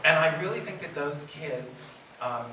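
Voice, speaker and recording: A man's voice: a little high, unhurried. Self-mocking man with a Bronx accent. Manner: animated, self-mocking, laughing often. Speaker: drag performer, panel guest. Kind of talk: comic storytelling on a convention panel. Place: large convention hall. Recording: echoey hall from far off, background noise.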